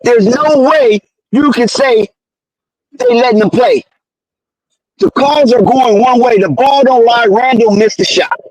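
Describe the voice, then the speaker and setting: A very high-voiced man calls a basketball game play by play, excitable and slangy. He keeps protesting the referees. His voice is dry and close, with no room sound. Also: measured pace, gravelly, no room sound, rough recording. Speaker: live game commentator. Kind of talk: fan play-by-play commentary.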